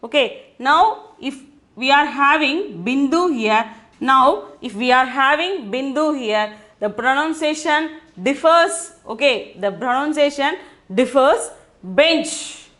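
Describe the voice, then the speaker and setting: A woman's voice: sits high, expressive, slow pace, fairly bright tone. A woman teaching a language class, patiently repeating each point and often checking whether students understand. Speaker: Hindi teacher. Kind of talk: online language lesson.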